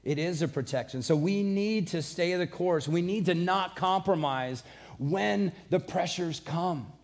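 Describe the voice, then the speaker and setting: A man's voice: high-pitched, unhurried. A man preaching a sermon, earnest and conversational, mixing scripture with personal stories. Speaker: pastor.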